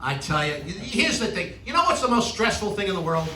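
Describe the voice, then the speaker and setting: A man's voice: high-pitched, brisk. Middle-aged male stand-up with a New York accent, exasperated ranting delivery; recorded from a distance in a roomy live venue. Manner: animated punchline delivery with exasperated rants. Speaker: stand-up comedian. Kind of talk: stand-up comedy routine. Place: stage in a large venue with a live audience. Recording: roomy live hall from a distance, audience noise. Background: audience laughter and applause.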